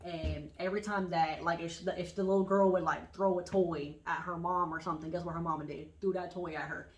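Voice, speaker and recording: A woman co-hosting a casual podcast chat, telling animated stories and acting out what people said. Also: lowish voice, a little fast, echoey room, highs cut off. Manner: animated storytelling, acts out quotes. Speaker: podcast co-host.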